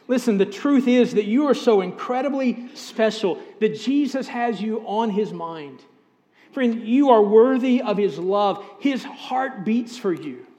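A middle-aged pastor delivers an earnest sermon, speaking directly to his congregation. His voice sits high for a man, and it rings out with a long reverb through the church sanctuary. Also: darkish tone. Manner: earnest, direct address to congregation with scripture readings.

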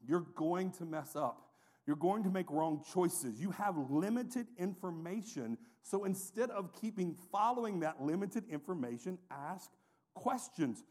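A man in his forties preaching a sermon in a lively, conversational way, with storytelling asides. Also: sits high. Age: 40s. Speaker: pastor.

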